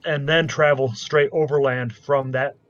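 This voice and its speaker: A man's voice: medium pitch, fairly even intonation, unhurried, muffled recording. A man playing a tabletop game, talking casually and stumbling over place names. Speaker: player.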